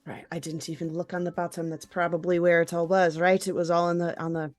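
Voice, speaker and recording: A woman's voice: on the low side, level tone, fast, no room sound, faint music behind. A woman playing a tabletop role-playing game, speaking in a defensive, rambling manner. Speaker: player. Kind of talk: in-character role-play.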